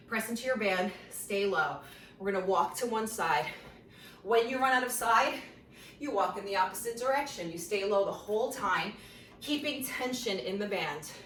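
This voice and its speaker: A woman's voice: mid-range voice, a bit bright. A woman teaching a guided workout class, counting reps and cueing form while exercising, a little out of breath. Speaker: fitness instructor. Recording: roomy sound from a distant mic with faint noise.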